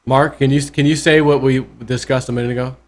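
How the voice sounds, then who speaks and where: A man's voice: medium pitch, steady tone, fast. A man hosting a casual crypto interview, loose and rambling, joking with his guest. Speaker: crypto YouTube host.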